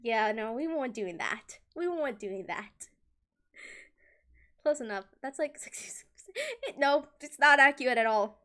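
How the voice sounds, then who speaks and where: A young woman streaming live tells her chat school stories in a giggly, animated way, acting out the lines she quotes. Her voice is a little high, and she speaks unhurriedly with long pauses.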